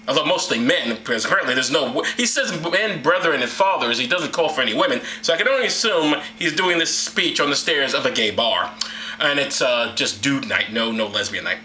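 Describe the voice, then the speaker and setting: A man's voice: medium pitch, expressive, fairly quick, pushed and bright, slight background noise. A man giving an irreverent comedic reading of scripture, with sarcastic, profane asides, recorded in an echoey room. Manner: sarcastic, profane, jumps between wild voices and asides.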